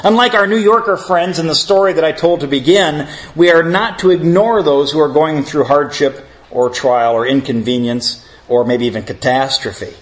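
A man's voice: a little high, normal speed, hardly any pauses. A man leading a theology class, opening in prayer and then lecturing earnestly, calling his listeners friends. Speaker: Bible teacher.

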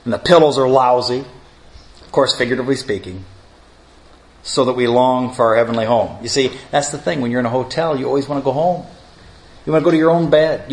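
A man's voice: medium pitch, low-quality recording. A middle-aged man preaching a sermon, telling stories in a conversational way and rising to emphatic lists. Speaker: pastor.

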